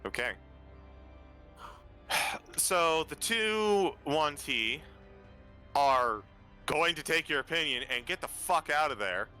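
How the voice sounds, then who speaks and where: A man's voice: fairly high pitch, animated, slow pace, long pauses, pushed and bright, soft background music. A man running a tabletop game as dungeon master over a voice call, casually calling out rolls and enemy moves.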